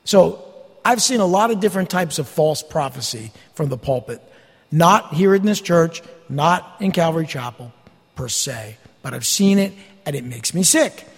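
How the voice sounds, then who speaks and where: A man's voice: fairly high pitch, animated, moderate pace, creaky, husky. A man preaching as a pastor in a church, expository and emphatic, with folksy, mocking asides. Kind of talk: expository sermon. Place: church sanctuary. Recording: long hall reverb.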